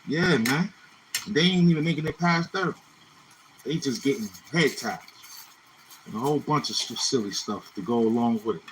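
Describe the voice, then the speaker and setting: A man's voice: medium pitch, normal speed, pauses often, slight background noise, low-quality recording. A man from Brooklyn, hosting a casual livestream and chatting loosely between freestyle rhymes, tagging his lines with "you know what I'm saying.". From Brooklyn, New York City. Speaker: livestream host.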